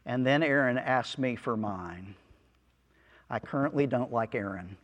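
A man preaching a sermon as pastor of a small church, speaking earnestly with soft asides and chuckles. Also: mid-range voice, unhurried, in a large hall.

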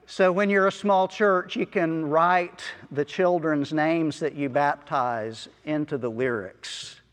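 A man preaching a sermon as pastor of a small church, speaking earnestly with soft asides and chuckles. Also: a little high, slow, long reverb tail.

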